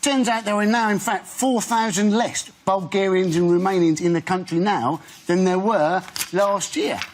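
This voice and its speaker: A man's voice: high-pitched, normal speed. A man comedian on a panel show, telling dry jokes that build to punchlines. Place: TV studio with audience. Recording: clear background noise.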